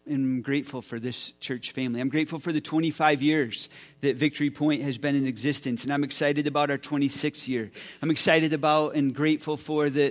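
Man, forties, pastor, enthusiastic, stumbles over repeated words, fairly high voice. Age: 40s. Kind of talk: church sermon talk. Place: church sanctuary.

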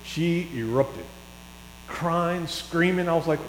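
A middle-aged man preaching a sermon in a church, chatty and telling stories that swell into excited bursts. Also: high voice, measured pace, long pauses. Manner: conversational, rising to excited storytelling. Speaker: pastor. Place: church hall. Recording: echoey hall with faint mains hum.

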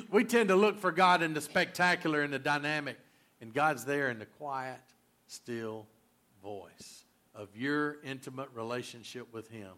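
A male pastor preaching a sermon, emphatic and repetitive, swinging between loud and quiet. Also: medium pitch.

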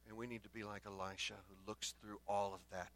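A man preaching a sermon as pastor, swinging between loud bursts and hushed lines and acting out the exchanges between the prophets. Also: fairly low pitch, flat delivery, a little fast. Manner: acts out the exchanges between the prophets in their own voices.

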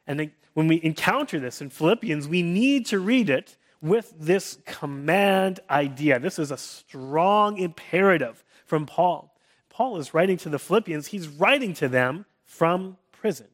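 A man in his thirties preaching an earnest sermon, often restarting his phrases and dropping to a soft hush for comforting words. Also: on the high side, expressive, unhurried. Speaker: pastor.

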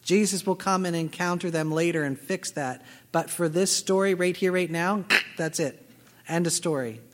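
A high-voiced male pastor delivers a sermon in a church sanctuary, telling personal stories and acting out both sides of conversations. His voice rings out with a long reverberant tail from the large hall. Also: moderate pace. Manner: personal storytelling, acting out quoted dialogue.

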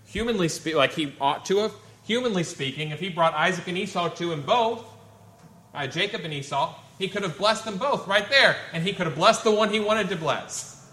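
Male preacher, bright voice, fairly high pitch, echoey room. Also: lively intonation, moderate pace. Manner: reads scripture aloud then explains it in plain talk. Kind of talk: expository sermon. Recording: echoey room with faint ambient noise.

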